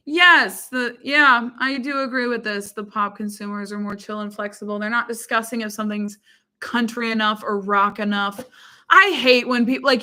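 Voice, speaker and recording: Bubbly, giggly woman with a bright voice. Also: fairly high pitch. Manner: bubbly and giggly, many fillers like "like" and "um". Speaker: YouTuber reading viewer comments. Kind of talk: casual chat.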